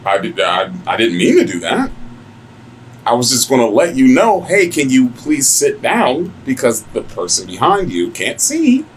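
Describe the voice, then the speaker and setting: A man's voice: mid-range voice, wildly swooping pitch, measured pace, a little hiss or hum, poor audio. A man voicing a flustered male manager who keeps apologizing. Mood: apologetic.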